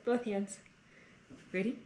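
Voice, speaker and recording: A woman's voice: mid-range voice, fairly even intonation, slow pace, dark tone. A woman using coaxing, sing-song baby talk with a small child. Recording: noisy ambience behind.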